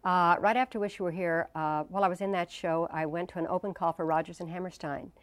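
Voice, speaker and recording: A woman's voice: fairly low pitch, fairly even intonation, quick pace, dry recording. A woman in her sixties, an interview guest, telling stories animatedly and acting out the voices of people she quotes. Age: 60s. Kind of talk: casual storytelling interview.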